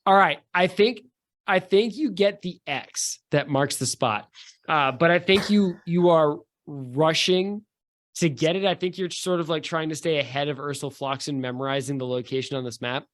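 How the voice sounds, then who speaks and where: A man running a tabletop game as game master, narrating in a relaxed, hesitant way with many fillers. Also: a little high, moderate pace.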